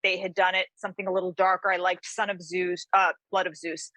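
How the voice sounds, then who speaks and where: A woman from the New York area talks with a bright, forceful tone. She tells her story in an animated way, with many restarts and fillers. The sound is dry and close. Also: fairly low pitch, a little fast, no room sound. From New York area, USA. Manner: animated, lots of fillers and restarts, acts out quotes. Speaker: guest author. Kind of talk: casual interview storytelling.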